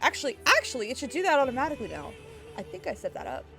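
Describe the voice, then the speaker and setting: A woman's voice: sits high, wildly swooping pitch, very fast, vocal fry, fairly bright tone, soft background music. A young woman streaming live, chatting casually and giggling as she greets her viewers.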